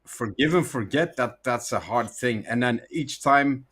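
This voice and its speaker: Man, mid pitch, halting, repeats words, casual podcast debate. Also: fairly bright tone, breathy edge.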